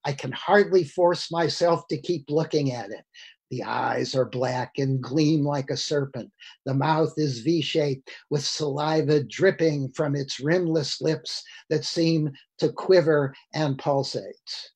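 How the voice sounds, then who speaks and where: A horrified male radio announcer, read out by a man, reports live on a monster emerging from the dark. His voice sits a little high and presses forward with alarm. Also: steady tone, slow pace, slightly rough, exaggerated voice. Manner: breathless on-the-scene reporting, read aloud. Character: male radio announcer describing a Martian in horror.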